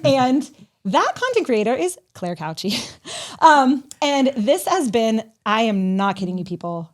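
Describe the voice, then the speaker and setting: A young woman hosts a podcast in a fairly high voice. She talks in effusive, emotional bursts and openly gushes over her guests. The tone stays casual and conversational throughout. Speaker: podcast host.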